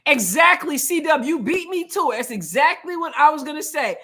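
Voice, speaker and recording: A woman with a high voice hosts a live basketball watch-along stream. She talks casually and opinionatedly. She mixes quick play-by-play asides with reading viewer comments aloud. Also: expressive, sharp tone. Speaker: show host.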